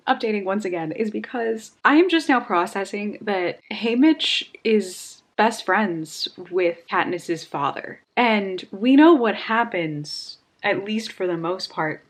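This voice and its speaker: A woman's voice: lowish voice, fairly bright tone. A young woman vlogging about a book she is reading, talking casually and getting emotional, sighing and exclaiming.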